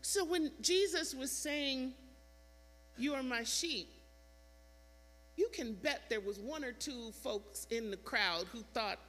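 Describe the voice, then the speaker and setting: A woman pastor preaching a sermon, emphatic and repetitive, with dramatic pauses. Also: high-pitched, lively intonation, fairly bright tone. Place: church sanctuary. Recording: church hall reverb, mains hum.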